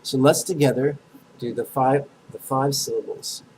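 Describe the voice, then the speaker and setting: A man teaching a meditation lesson, talking bluntly and drawing syllables out slowly for listeners to repeat. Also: medium pitch, fairly even intonation, darkish tone, slight background noise, rough recording. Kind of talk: guided meditation lesson with call-and-response chanting.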